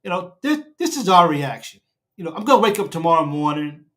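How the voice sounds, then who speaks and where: A man's voice: on the high side, big pitch swings, brisk. A man hosting a fan show, talking in a casual sports reaction chat, emphatic and repeating himself like a preacher as he builds up. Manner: emphatic, preacher-like repetition, rising to near shouting. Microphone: own camera setup at home.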